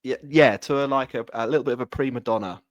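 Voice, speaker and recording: A man co-hosting a podcast in casual chat, sweary and animated, often stumbling and restarting. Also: mid-range voice, fast talker, no echo, clean studio sound. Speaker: podcast co-host.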